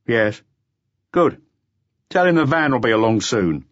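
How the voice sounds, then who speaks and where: A man voicing a businesslike police officer answering a telephone call with short, brisk replies. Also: medium pitch, sing-song, dry recording, voice pushed up. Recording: slightly dull lo-fi audiobook recording.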